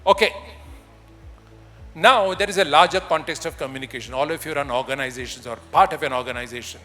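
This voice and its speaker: A man with an Indian English accent giving an animated, demonstrative conference talk on voice and communication, with touches of humor. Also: medium pitch, quick pace. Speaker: voice and communication trainer. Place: large event hall. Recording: hall with long reverb, faint music.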